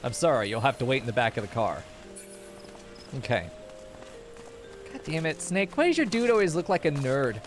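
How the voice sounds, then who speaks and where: A man's voice: medium pitch, sing-song, moderate pace, pauses often. Profane joking male game streamer. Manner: profane, joking, talks to chat. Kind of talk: casual live-stream chatter. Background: game music.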